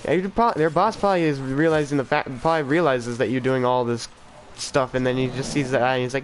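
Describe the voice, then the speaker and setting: A man's voice: medium pitch, steady tone, quick pace, a little hiss or hum, low-quality recording. A teenage boy chatting casually on a game stream, rambling and self-deprecating, often trailing off and restarting. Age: teens. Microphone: desk mic for streaming.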